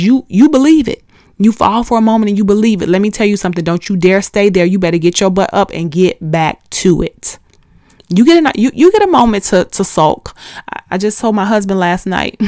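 A middle-aged woman hosts her podcast with an emphatic, preaching drive, pushing listeners back into the fight. Her voice sits a little low. The sound is dry and close, with no room around it. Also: darkish tone, no echo. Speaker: podcast host. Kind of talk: motivational faith talk.

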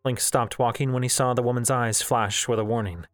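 A man reading a novel aloud in a measured, steady storytelling voice. The mic is close and the room dry. Faint music plays underneath. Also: mid-range voice, dry recording. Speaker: audiobook narrator.

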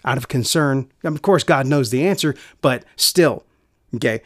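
A man preaching a sermon in an earnest way, repeating key phrases and going soft for quiet lines. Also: mid-range voice, measured pace, no room sound, clean studio sound.

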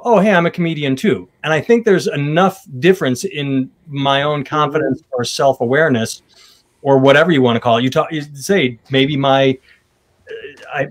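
A man and stand-up comedian, talking in casual chat with stammering restarts and rambling asides. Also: mid-range voice.

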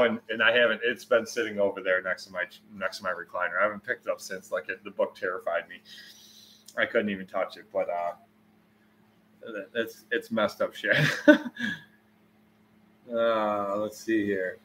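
A man in his forties chatting casually on a livestream, answering viewers, rambling and swearing freely, getting loud when he tells a story. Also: lowish voice, steady tone, normal speed, pauses often.

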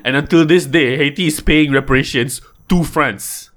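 A man's voice: fairly high pitch, normal speed, a bit bright. Laughing, joking man on a podcast. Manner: joking, laughing, loose rants. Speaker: guest host of podcast. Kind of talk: casual comedic podcast banter.

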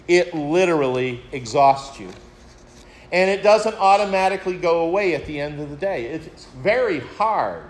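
A man preaching a sermon, retelling a story in a reflective way and addressing his listeners as friends. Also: medium pitch. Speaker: pastor.

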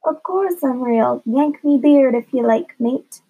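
A woman's voice: sits high, a little slow, slightly rough, exaggerated voice. A woman voicing a jolly, scheming grown man pirate who speaks in drawling pirate talk. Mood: swaggering. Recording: dull lo-fi recording.

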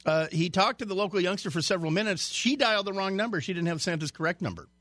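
A man's voice: high voice, fast talker, a bit bright, no room sound. A man guest-hosting a radio talk show, reading a news story in a chatty way with stumbles and jokey asides. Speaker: radio fill-in host.

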